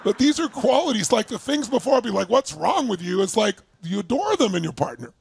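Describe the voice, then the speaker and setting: A man with a high, gravelly and husky voice tells stories with wide swings in pitch. He acts out other people's lines as he goes. The sound is close and dry. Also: quick pace, no echo. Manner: animated storyteller, acts out his wife's lines in a high voice. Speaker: relationship seminar speaker. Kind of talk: lively talk to a seminar audience.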